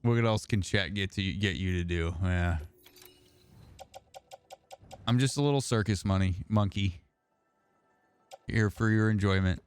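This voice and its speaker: A man's voice: fairly low pitch, normal speed, soft background music. A man from Indiana, a therapist streaming a game, chatting casually and answering his chat as messages come in. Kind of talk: casual livestream chat while gaming.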